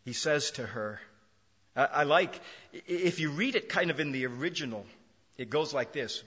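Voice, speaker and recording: Male preacher, high bright voice, impassioned, long church-hall reverb. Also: expressive, moderate pace, breathy edge, lo-fi sound. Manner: impassioned, swings from shouting to hushed. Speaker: pastor. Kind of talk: sermon.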